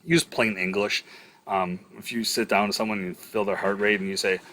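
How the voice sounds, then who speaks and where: A middle-aged man with a somewhat low voice lectures on EMS communication. He talks casually and drops in plenty of ums and uhs. He tells stories from his work on the ambulance. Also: fairly even intonation, moderate pace, pushed and bright, a little hiss or hum. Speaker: EMS instructor.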